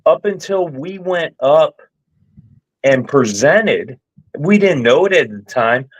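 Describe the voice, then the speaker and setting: A man's voice: a little high, lively intonation, slow, low-quality recording. A man talking earnestly as a podcast guest in casual chat.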